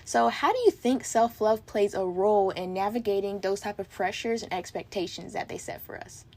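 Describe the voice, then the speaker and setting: A teenage girl hosts a casual podcast chat in a bubbly, upbeat voice. She strings her thoughts together with frequent "like" fillers and sounds excited about her guest. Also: mid-range voice, normal speed. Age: teens. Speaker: podcast host.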